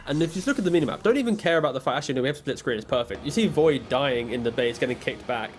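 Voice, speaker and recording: A man's voice: medium pitch, expressive, racing, slight background noise. A man working as an esports analyst, chattering enthusiastically on a panel.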